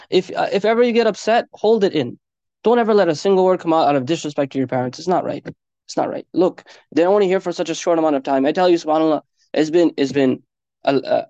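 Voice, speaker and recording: Fast-talking earnest male preacher. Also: fairly high pitch, dark tone, dry recording. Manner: earnest, conversational, peppered with Arabic phrases. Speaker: Islamic preacher. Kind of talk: informal sermon to a congregation. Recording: dull lo-fi dry recording.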